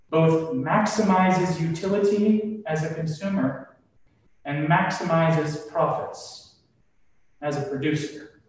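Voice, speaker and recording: A man preaching a sermon in a slow, deliberate, emphatic way. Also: fairly high pitch, darkish tone. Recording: echoey room from far off.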